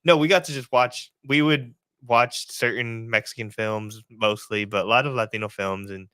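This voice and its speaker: A man co-hosting a podcast, talking eagerly in a halting, filler-heavy casual chat. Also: mid-range voice, pushed and bright, clean tone, no room sound, studio quality. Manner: enthusiastic, halting, lots of fillers. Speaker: podcast co-host.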